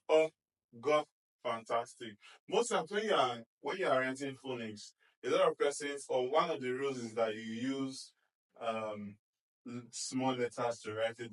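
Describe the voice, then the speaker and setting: A man's voice: medium pitch, far from the mic, poor audio. A male reading teacher giving a phonics lesson, sounding out letter blends and praising often, checking in with "okay?" and "do you understand?".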